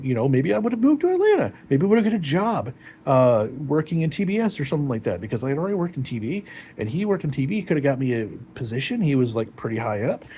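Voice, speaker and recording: A man's voice: medium pitch, mellow. A man speaks in a personal confessional vlog, heartbroken and emotional. His speech rambles and halts, restarting thoughts as he goes, in an ordinary mid-range voice. A faint hum of background noise sits behind him.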